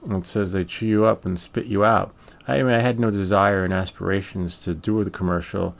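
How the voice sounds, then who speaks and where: A man's voice: sits low, fairly even intonation, brisk, vocal fry. A middle-aged man hosting a hobby painting channel, telling a rambling, candid story in a casual way with the odd curse word. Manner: rambling, candid, occasional swearing.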